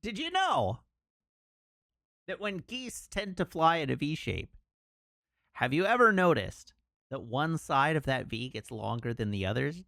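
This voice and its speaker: A man live-streaming a game from home, reeling off corny pun jokes in a bouncy, lively voice that swoops up and down. His desk mic sounds close and dry, with no room sound at all. He keeps a playful, casual tone throughout. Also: on the high side, a little slow, gravelly, long pauses, no echo.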